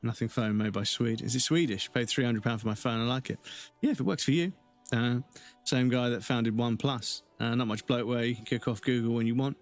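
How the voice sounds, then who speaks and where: A man's voice: medium pitch, brisk, faint music behind. A man streaming a game, chatting casually and rambling, swearing and greeting viewers. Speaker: live streamer. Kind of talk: casual chat over gameplay.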